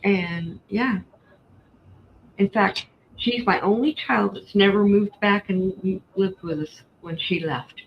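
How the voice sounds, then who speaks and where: A woman's voice: mid-range voice, takes it slowly. A middle-aged woman, chatting frankly and telling stories about her family. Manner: frank, storytelling, blunt. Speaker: host. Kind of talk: casual chat while crafting. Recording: slightly dull stream audio, faint background noise.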